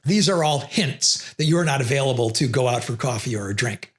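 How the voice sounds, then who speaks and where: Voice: mid-range voice, expressive, a little fast, hardly any pauses. A presenter explaining communication theory, who acts out sample refusals between the explanations. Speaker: educational video presenter.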